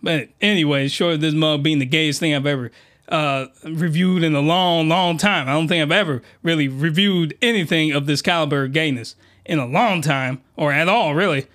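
A man hosting a comedy podcast, reviewing a comic in a slangy, rambling monologue with sudden shouted outbursts. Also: normal speed. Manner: animated, jumps into high-pitched shouted outbursts; slangy, rambling, with many restarts.

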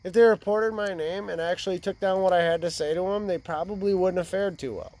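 A man's voice: high-pitched, fairly even intonation, brisk, a little mellow, no room sound. A man in his twenties telling a rambling, profane story in casual chat by a fire. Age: 20s. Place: outdoors by a fire.

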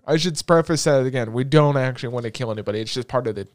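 A man's voice: mid-range voice, rapid-fire, no echo, studio quality. A man co-hosting a casual podcast chat, rambling and joking, swearing freely. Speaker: podcast co-host.

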